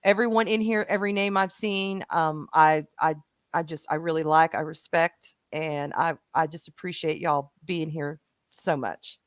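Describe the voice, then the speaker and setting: A woman with a Southern US accent co-hosting a live show in casual, animated chat, swearing freely. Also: deep voice, moderate pace, dry recording.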